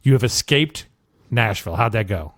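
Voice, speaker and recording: A man's voice: lowish voice, expressive, normal speed, a bit bright, no echo. A man hosting a podcast in casual chat, joking around with playful made-up words. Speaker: podcast host.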